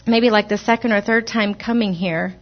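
A woman's voice: mid-range voice, fairly even intonation, normal speed, muffled recording. A woman telling the congregation her personal testimony in a church, hesitant and earnest, with many restarts. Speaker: church member giving testimony. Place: church sanctuary.

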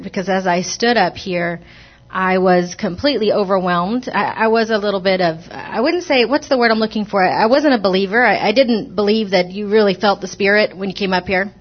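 Woman giving a halting church testimony. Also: mid-range voice, muffled recording. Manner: hesitant, with fillers and restarts, earnest. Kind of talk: personal testimony to a congregation. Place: church sanctuary.

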